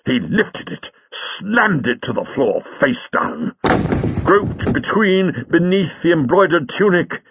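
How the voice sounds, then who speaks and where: A man narrating a story in an expressive, dramatic reading style, on a dull lo-fi recording. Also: on the high side, slow, background noise. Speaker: audiobook reader. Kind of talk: scripted narration.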